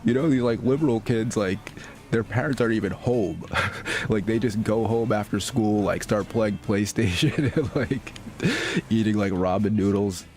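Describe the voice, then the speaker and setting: A man's voice: on the low side, normal speed, darkish tone. A man streaming a game and telling stories in a loose, rambling way, full of filler words and laughs. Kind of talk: casual storytelling chat.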